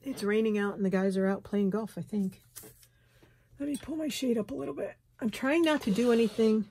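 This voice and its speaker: A middle-aged woman with a slight Southern US lilt, chatting and thinking aloud as she works on a craft journal in her sunroom, with soft laughs. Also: fairly high pitch, a little fast, breathy edge. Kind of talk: casual craft tutorial chat. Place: home sunroom, indoors.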